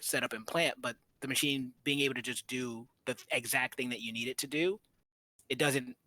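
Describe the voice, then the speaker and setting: A man's voice: mid-range voice, bright, forceful tone, dry recording. A young man co-hosting a podcast, talking through a film in a casual, rambling way with many fillers. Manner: rambling, thinking aloud with fillers. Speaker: podcast co-host.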